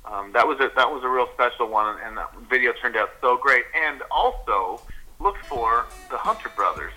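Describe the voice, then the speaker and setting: Bright-voiced man telling stories. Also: mid-range voice, expressive, moderate pace, soft background music, low-quality recording. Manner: chatty storytelling. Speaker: country singer guest. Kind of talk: casual interview chat.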